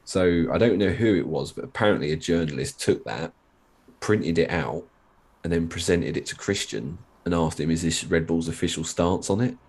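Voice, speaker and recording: A man with a flat, monotone way of talking, chatting casually as a podcast guest. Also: deep voice, moderate pace, breathy edge. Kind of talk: casual chat.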